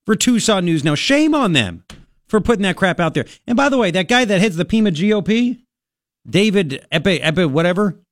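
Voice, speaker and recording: A man's voice: high voice, fairly bright tone, dry recording, studio quality. A man hosting a talk radio show, ranting in a sarcastic, mocking and exasperated way. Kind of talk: opinionated talk radio monologue. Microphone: studio microphone.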